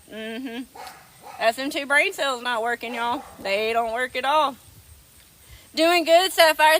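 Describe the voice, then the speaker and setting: A woman's voice: on the high side, bright, forceful tone, a little hiss or hum. A woman hosting a casual livestream, affectionately greeting viewers as darling. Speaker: livestream host.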